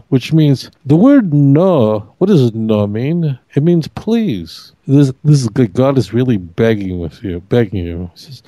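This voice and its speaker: A man's voice: medium pitch, sing-song, measured pace, mellow, no echo, rough recording. A man, a rabbi and co-host, teaching scripture with emphatic, argumentative energy, often quoting others. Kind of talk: animated Torah study discussion. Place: radio studio.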